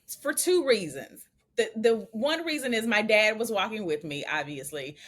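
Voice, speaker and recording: A woman telling a story in a casual chat, animated and chatty, laughing often and using slangy asides. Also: mid-range voice, moderate pace. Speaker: bride and co-host of a couple's channel.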